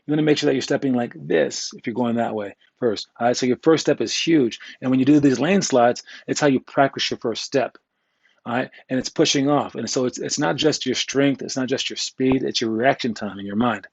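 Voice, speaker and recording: A man's voice: medium pitch, a little fast, gravelly, breathy edge, no echo, muffled recording. A man coaching youth basketball players in a casual, candid way, joking and rambling, with slang thrown in. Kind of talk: casual instructional talk.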